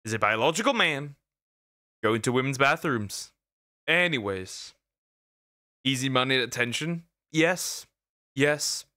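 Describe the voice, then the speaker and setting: A man's voice: mid-range voice, expressive, a little slow, pauses often, pushed and bright, no echo, studio quality. A man streaming as a VTuber, reacting to a video in casual commentary, exasperated, stammering and repeating himself with bursts of laughter.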